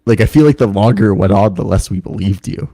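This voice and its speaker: A man's voice: on the low side, fast, warm tone. A young man co-hosting a podcast in casual, rambling chat, joking, laughing often and swearing, recorded over a remote streaming call. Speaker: podcast co-host. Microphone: remote video call streaming setup.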